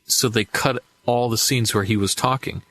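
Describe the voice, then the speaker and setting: A male voice actor and impressionist, telling animated anecdotes in a casual interview and acting out the quotes. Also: mid-range voice, normal speed, dry recording.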